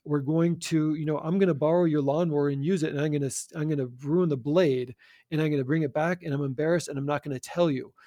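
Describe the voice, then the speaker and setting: An earnest man explains his views in a relaxed, conversational way. His voice sits a little high with a mellow, warm tone. It sounds close and dry, with no room around it. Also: quick pace, dry recording. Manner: earnest, repeats words as he restarts. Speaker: guest. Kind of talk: conversational faith talk.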